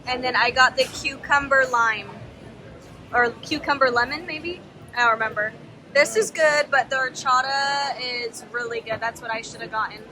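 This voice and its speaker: A woman's voice: fairly high pitch, moderate pace. A young woman chatting casually in a travel vlog, laughing and filling her talk with likes, filmed on a handheld camera. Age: young adult. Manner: chatty, laughing, filler-heavy. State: sweaty and tired from walking. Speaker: vlogger. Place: outdoors on a trip, streets and ruins. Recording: loud outdoor background noise.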